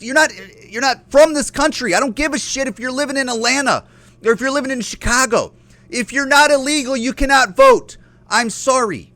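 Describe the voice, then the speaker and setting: A man talks straight into the mic in a dry, close recording, hosting his own podcast. His voice is fairly high and bright, and his pitch swings widely. He rants bluntly and profanely in loose slang. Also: no room sound. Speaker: podcast host. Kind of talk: opinionated solo monologue.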